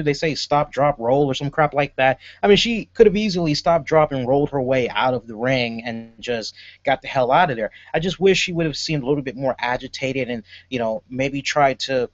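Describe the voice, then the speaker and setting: A man's voice: on the high side, brisk, no echo. A man giving a casual, rambling review of a wrestling show, full of fillers as he talks it through. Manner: rambling and chatty, with many fillers. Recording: dull lo-fi audio.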